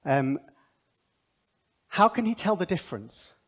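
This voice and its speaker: Man, seminar speaker, conversational bible teaching, lively pitch swings, fairly high voice, asides. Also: a little slow. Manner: animated, thinks aloud with asides.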